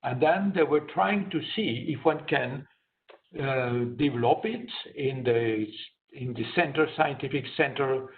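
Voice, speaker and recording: A man's voice: medium pitch, a little slow, slight background noise. A man giving an academic science lecture, explaining his slides step by step. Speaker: guest lecturer. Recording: tinny phone-like online lecture audio.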